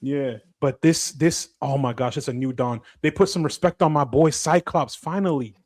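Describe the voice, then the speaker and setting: A man's voice: medium pitch, moderate pace, no room sound. Young man, podcast co-host, casual chat, swearing, dry close sound. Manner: loose, animated, swearing, slangy.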